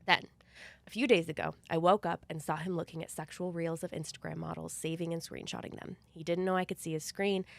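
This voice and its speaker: A woman's voice: on the low side, no room sound. A young woman co-hosting a casual podcast, blunt and playful, laughing often and reading a listener's letter aloud. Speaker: podcast co-host.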